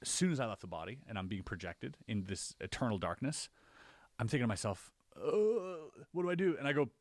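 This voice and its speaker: Telling stories from his own life, this podcast co-host speaks fast and animatedly, his pitch jumping up as he revisits the frightening moments. There's no echo in the recording.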